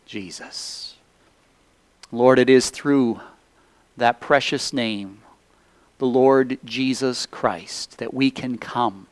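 A man's voice: mid-range voice, no room sound. A male pastor giving a sermon, leading a Scripture reading and then praying in an earnest, reverent way. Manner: slow, earnest, reverent pulpit delivery. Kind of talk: sermon with congregational reading and prayer.

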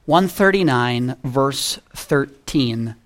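A middle-aged male pastor preaching a sermon, swinging between loud emphasis and soft low asides and reading scripture in a slow, old-fashioned cadence. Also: animated. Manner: reads scripture in slow King James cadence.

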